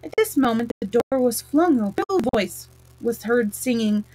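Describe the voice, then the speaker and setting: A woman's voice: fairly high pitch, expressive, normal speed, mellow, low-quality recording. A woman storyteller reading a children's book aloud, with small slips and restarts.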